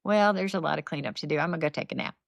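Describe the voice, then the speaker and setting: Gravelly-voiced woman telling animated stories. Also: low-pitched, racing, no echo. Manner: animated, faith-based storytelling with acted-out quotes. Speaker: podcast guest, nonprofit founder. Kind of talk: conversational storytelling.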